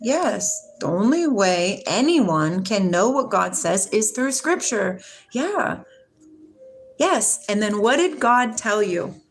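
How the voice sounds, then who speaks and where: A woman in her forties from Washington state hosts a casual spiritual livestream, chatting with viewers and reading their comments in a soft, affectionate way, laughing often. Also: mid-range voice, very animated, takes it slowly, slight background noise. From Washington state, USA. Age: 40s. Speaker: livestream host.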